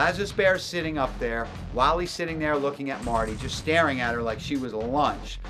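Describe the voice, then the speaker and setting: A man working as a hunting guide, telling a story in an emphatic way and repeating words for stress. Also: medium pitch. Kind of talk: storytelling narration.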